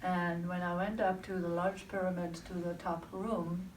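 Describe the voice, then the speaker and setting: A woman with a fairly low voice tells a personal story to an audience, thoughtful and feeling for her words. She sounds roomy and some way off the mic, with a faint hum of ambience behind her. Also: flat delivery, moderate pace, distant mic.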